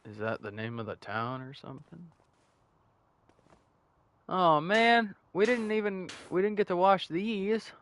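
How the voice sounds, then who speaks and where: A man's voice: sits high, unhurried, long pauses, a bit bright, slight background noise. A young man giving casual, rambling and profane commentary while playing a video game. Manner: rambling, joking, profane, laughs at his own bits. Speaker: gameplay streamer.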